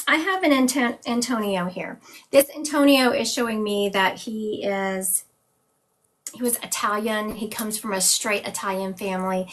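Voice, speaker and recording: A woman's voice: mid-range voice, fairly bright tone. A woman hosting a live psychic reading stream, relaying visions and chatting with viewers between readings. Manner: describes visions as "he is showing me". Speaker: psychic medium host.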